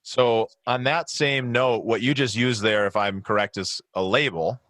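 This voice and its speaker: A man's voice: medium pitch, fairly even intonation, measured pace, a bit bright, no echo. A man hosting a podcast interview, asking questions in an eager, encouraging way. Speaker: podcast host.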